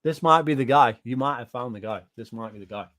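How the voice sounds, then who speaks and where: A man's voice: medium pitch, quick pace, a bit bright, no echo. Profane, rambling man. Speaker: YouTuber reacting to chat. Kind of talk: casual ranting livestream commentary.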